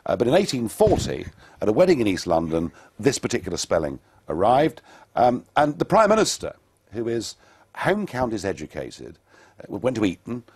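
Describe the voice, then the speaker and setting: Jovial, husky-voiced male politician. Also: on the low side, moderate pace, no room sound. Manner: jovial, animated. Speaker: politician guest. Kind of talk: studio interview. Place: TV studio.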